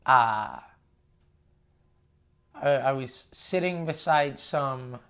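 A man's voice: mid-range voice, expressive, very slow, fairly bright tone, smooth. Profane ranting young man telling a story. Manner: profane, ranting, self-mocking. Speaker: podcast host. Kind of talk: casual storytelling monologue.

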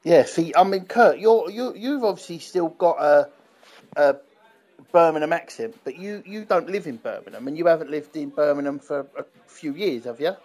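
A man chats on a podcast in a fairly high voice. He stalls often and repeats words as he gets his thoughts out. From London. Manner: halting, repeats words, animated. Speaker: podcast co-host. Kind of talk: casual chat.

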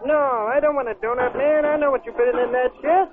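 A man's voice: very high-pitched, fairly even intonation, brisk. A man on a prank call putting on a rude, accusing fake detective character. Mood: blustering. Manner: blustering, insulting, shouting at times. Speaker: prank caller. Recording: tinny phone line.

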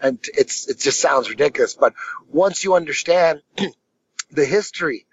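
A man's voice: on the high side, animated, measured pace, slightly rough, dry recording. Brief: casual male podcast guest, rambling storyteller, dull dry recording. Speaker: martial arts instructor, podcast guest.

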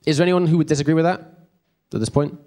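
A man's voice: fairly high pitch, rapid-fire, mellow. A man teaches a church group in an easy, conversational way. He rambles off on side stories and keeps checking in with his listeners. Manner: chatty, rambling, checks in with the room. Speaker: preacher.

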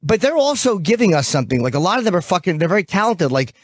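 A man's voice: high voice, sing-song, fast, dry recording. A man hosting a radio show, talking bluntly and profanely, telling stories with animation. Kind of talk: casual radio banter. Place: radio studio.

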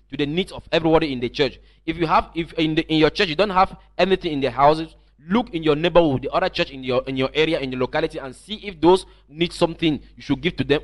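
A male preacher with a slightly raised pitch delivers an online teaching sermon. He speaks emphatically, circling back and repeating words as he builds his points. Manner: emphatic, repeats and restarts phrases.

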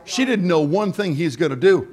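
A middle-aged man preaching a sermon in a church, mixing jokey conversational asides with shouted, rising calls to the congregation. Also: high-pitched, lively intonation, moderate pace, husky. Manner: preaching with call-and-response, building to shouts. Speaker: pastor. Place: church sanctuary.

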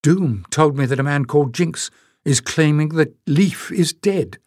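A man's voice: fairly high pitch, a little slow, a little mellow, dry recording, studio quality, pitched above the performer's own voice. A man voicing a stern, proud young noblewoman who speaks in clipped, demanding sentences. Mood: urgent.

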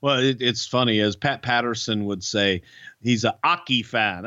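A man's voice: medium pitch, steady tone, normal speed, sharp tone, dry recording, highs cut off. A man co-hosting a podcast, telling stories in a folksy, chuckling way. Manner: folksy, chuckling, colorful sayings. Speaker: podcast co-host. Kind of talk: casual storytelling chat.

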